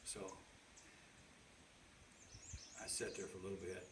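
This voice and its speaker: A man's voice: low voice, flat delivery, takes it slowly, a bit bright, slight background noise. Older male storyteller, rambling homespun delivery, recorded off-mic in an echoey room. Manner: homespun, rambling, repeats words. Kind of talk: folksy spoken storytelling. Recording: roomy sound from a distant mic.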